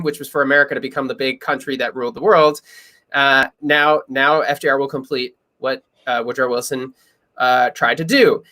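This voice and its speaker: A young man hosting a history podcast in casual, excitable chat, talking quickly and often laughing. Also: a little high. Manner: quick, excitable, breaks into laughs and loud yells. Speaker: podcast host.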